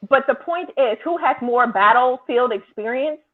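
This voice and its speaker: Chatty female co-host, slightly husky, heard over a lo-fi phone-like line. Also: sits high, expressive, normal speed. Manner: chatty, many fillers like "like". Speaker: podcast co-host. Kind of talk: casual opinionated review chat.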